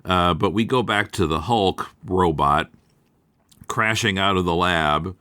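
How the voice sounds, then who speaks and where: A man hosting a podcast in casual chat, who recounts things in a measured, thoughtful way. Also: low voice, bright, forceful tone, smooth, dry recording, studio quality. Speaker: podcast host.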